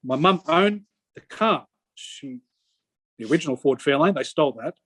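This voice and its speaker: A middle-aged man answers an interviewer and recounts his story in long rambling stretches, stalling and restarting mid-sentence. His voice sits a little high for a man. The sound is close and dry, with no room echo. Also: expressive, a bit bright, breathy edge. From Australia. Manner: rambling, halting with many restarts. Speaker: interview guest. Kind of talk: conversational personal account.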